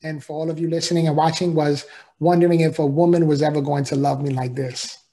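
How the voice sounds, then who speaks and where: A man's voice: a little high, level tone, fast talker, warm tone. A man, a podcast guest, telling an emotional personal story in an earnest, heartfelt way, often repeating himself and asking "right?".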